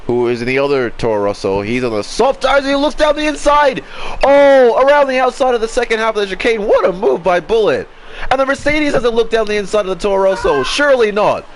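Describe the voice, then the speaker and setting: A man commentating an online racing game, excitable and tripping over his words. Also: a little high, slight background noise. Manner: excitable, stumbles and repeats words. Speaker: race commentator.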